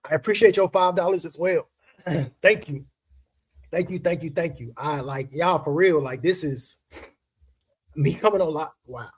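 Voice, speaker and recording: A man's voice: on the high side, normal speed, pauses often, husky. A man hosting a casual crypto livestream, talking to viewers in slangy, emphatic chat and repeating words for stress. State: emotional, choked up.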